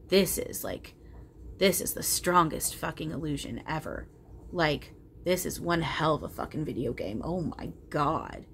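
A woman channeling spirits aloud in a soft, hesitant way, with frequent ums and casual swearing. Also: low voice, measured pace, slight background noise.

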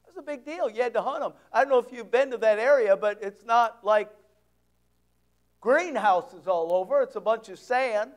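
A man preaching a sermon as pastor, conversational and joking, swinging between loud and hushed. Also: very high voice, moderate pace.

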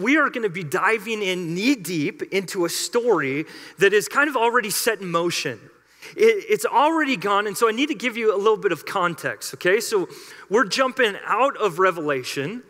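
A man's voice: high-pitched, bright, forceful tone. A man preaching a sermon as a pastor in a church, telling the story in an emphatic, conversational way. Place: church sanctuary. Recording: reverberant church hall.

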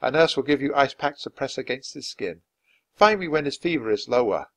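A man voicing a kind but firm woman nurse, speaking solemnly and in a measured way. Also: medium pitch, animated, fairly bright tone, no echo, voice pushed up. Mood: instructing.

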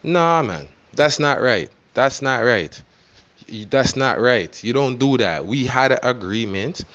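A photographer records a heated voice note, repeating himself and pleading. His pitch is mid-range for a man. The sound is muffled and lo-fi. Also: lively intonation, measured pace, fairly bright tone. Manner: insistent and repetitive, pleading.

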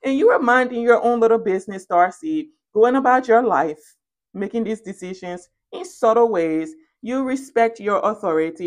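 A woman giving a tarot reading, animated and playful and speaking straight to the viewer, sometimes dropping into soft asides. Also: mid-range voice. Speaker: tarot reader. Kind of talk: spoken tarot reading to camera.

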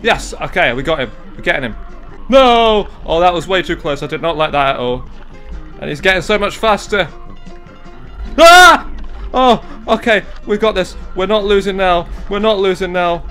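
A young man commentating a video game, excitable and jokey, yelling and swearing at it and talking himself down between fits. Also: high-pitched, normal speed, soft background music. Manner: talks to himself, jokey asides. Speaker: gaming YouTuber. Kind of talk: let's play commentary.

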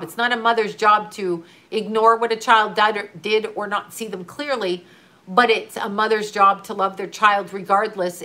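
A bright, clear-toned middle-aged woman talks straight to one listener. She speaks as a grieving mother in an earnest, urgent way, repeating her points and swearing now and then. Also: mid-range voice. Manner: earnest, urgent, repetitive coaching with occasional swearing. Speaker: grieving mother giving advice to another mother. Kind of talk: emotional casual talk to a viewer.

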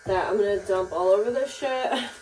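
A woman's voice: mid-range voice, a little fast, a little mellow. A young woman venting in a casual home vlog, angry and swearing, with many fillers. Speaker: vlogger. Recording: audible background noise.

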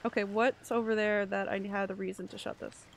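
A woman live-streaming a horror game, reacting excitably and chatting with her viewers as she plays. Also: medium pitch, brisk, gravelly, a little hiss or hum. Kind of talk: live gameplay commentary.

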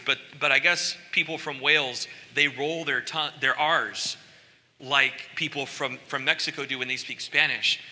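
Bright-voiced male pastor preaching in a hall. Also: a little high. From United States. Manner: conversational preaching, stretches key words slowly, rises to emphatic peaks. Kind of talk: sermon. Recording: church hall with long reverb.

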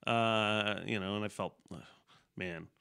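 A man's voice: lowish voice, steady tone, measured pace, vocal fry, pushed and bright, clean tone. A man hosting a casual solo podcast, rambling and swearing freely, often laughing mid-sentence. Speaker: podcast host.

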